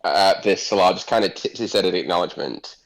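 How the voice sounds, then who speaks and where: A man with a low voice talks fast on a low-quality recording. He's a player in a tabletop role-playing game, narrating what his character does in a rambling way full of fillers.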